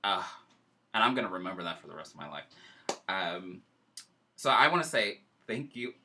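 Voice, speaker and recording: A man with a very bright, forceful tone tells his story with feeling, and his pitch swings widely as he goes. He talks casually and emotionally, like a host chatting on a show. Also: big pitch swings, normal speed. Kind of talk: casual chat.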